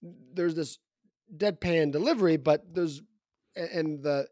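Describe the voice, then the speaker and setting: A man's voice: a little high, a little slow, a little mellow, no echo, clean studio sound. A man co-hosting a casual book discussion, talking in a thoughtful way with frequent restarts. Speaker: co-host.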